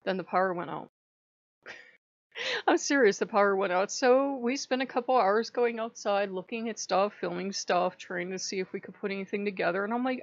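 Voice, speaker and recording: A woman's voice: medium pitch, animated, normal speed, no echo, highs cut off. A woman telling a personal story in a chatty vlog, often breaking into laughter. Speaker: channel host.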